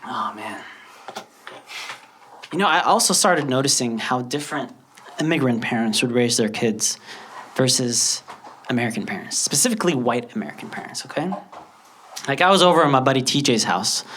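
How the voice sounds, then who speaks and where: Animated young comic from Lebanon. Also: male voice, medium pitch, moderate pace, long pauses, slight background noise. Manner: animated storytelling, acts out characters. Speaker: stand-up comedian. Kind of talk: stand-up comedy set. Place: live comedy stage.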